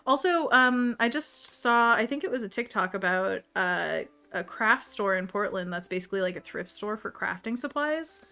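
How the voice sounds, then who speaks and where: Female stream host, mid-pitched, casual and chatty, talks to herself as she paints. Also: animated, normal speed, hardly any pauses, sharp tone, soft background music. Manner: chatty, reads chat aloud, laughs often; talks to herself while working. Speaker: livestream host painting envelopes. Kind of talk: casual livestream chat while painting.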